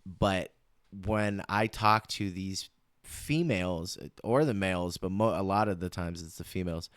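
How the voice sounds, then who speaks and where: Man, commentary host, slow talker, smooth clear voice, repeats and restarts, emphatic. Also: low-pitched, fairly bright tone, no room sound, clean studio sound. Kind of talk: casual political commentary.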